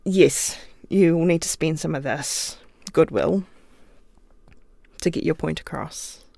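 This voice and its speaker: A gravelly-voiced woman from New Zealand, an author and playwright, is a guest in a casual podcast interview. Her voice is low, slow, and dark, recorded dry and clean on a studio microphone. She's thoughtful and chatty, laughs easily, and talks with her hands.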